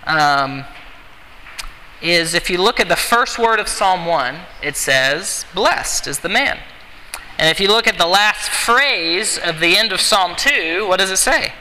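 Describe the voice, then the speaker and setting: Earnest male preacher, very bright tone, sermon in a reverberant sanctuary. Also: high voice, a little hiss or hum. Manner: earnest exhortation, repeating key phrases. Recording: long hall reverb, faint ambience.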